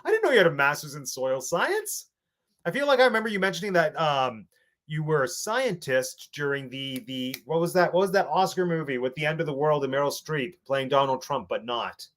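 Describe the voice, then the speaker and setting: A man's voice: fairly high pitch, big pitch swings, a little fast, a bit bright. Playful English man hosting a live stream. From England. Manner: playful, jokey, reads chat aloud. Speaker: host. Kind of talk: casual live-stream chat.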